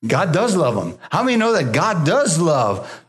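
A pastor preaching a sermon, drawing amens from the congregation and dropping to a soft, low voice when he quotes God. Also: huge pitch swings, measured pace. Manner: call-and-response preaching, asking the congregation for amens; drops low and soft for God's voice, rises for emphasis.

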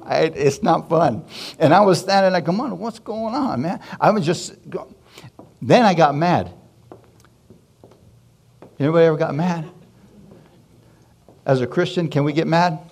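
Man preaching a personal testimony. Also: a little high. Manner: storytelling with questions to the congregation and chuckles. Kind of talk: sermon testimony.

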